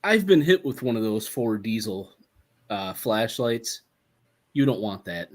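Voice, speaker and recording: A man's voice: on the low side, sing-song, a little slow. A man co-hosting a casual livestream chat, blunt and joking, who swears casually.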